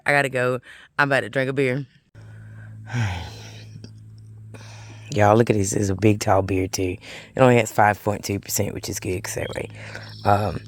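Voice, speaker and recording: A man's voice: medium pitch, fairly bright tone, dry recording. A man vlogging on a hiking trail, chatty and exclamatory, calling his viewers honey and y'all. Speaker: thru-hiker vlogger. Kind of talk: casual vlog while hiking. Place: outdoors on a forest trail.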